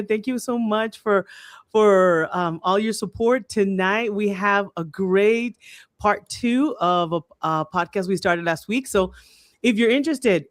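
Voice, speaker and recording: A woman's voice: medium pitch, no echo, clean studio sound. A middle-aged woman hosting a live podcast in casual chat, laughing often as she talks. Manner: laughs a lot, giggly. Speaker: podcast host.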